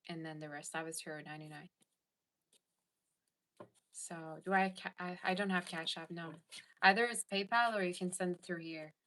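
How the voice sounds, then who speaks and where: A woman's voice: lowish voice, steady tone, measured pace, pauses often, sharp tone. A woman hosting a casual tarot livestream, chatting and reading viewer comments aloud. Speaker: tarot reader and livestream host.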